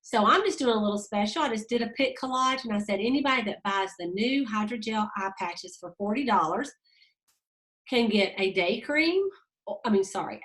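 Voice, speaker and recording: A woman, leading a sales team and giving a casual, fast, chatty training talk aimed straight at her listeners. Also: medium pitch, fairly bright tone. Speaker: direct sales team leader.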